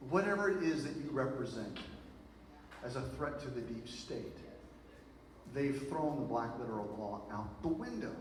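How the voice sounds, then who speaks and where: A man giving a speech to a live audience, telling stories in an animated way with lots of fillers and asides. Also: medium pitch. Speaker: speaker. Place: event hall with an audience. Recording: very echoey hall from far off, noisy.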